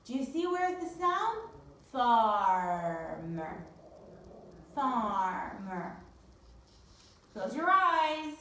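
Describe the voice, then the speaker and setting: A woman teaching a phonics lesson to young children, with drawn-out, sing-song repetition drills. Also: very high voice, lively intonation, sharp tone, recorded from a distance, a little hiss or hum. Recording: very echoey room, voice from off-mic.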